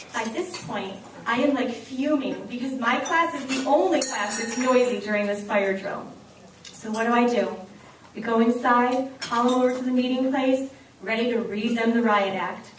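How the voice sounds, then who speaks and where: A woman tells a story in a keynote speech, playing the voices of her characters. Her voice sits high. Cutlery and dishes clink in the background of a roomy dinner hall. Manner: lively storyteller, acts out voices of children and herself. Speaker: keynote speaker and teacher. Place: banquet hall. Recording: echoey hall recorded from far off, dinner noise.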